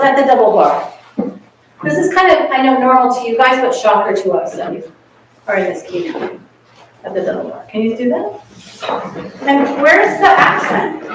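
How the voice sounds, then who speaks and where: A woman's voice: sits high, background noise. A woman coaching a chamber group in a masterclass, encouraging and chatty, often singing rhythms on nonsense syllables. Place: rehearsal room in a community center. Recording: echoey room, miked from a distance.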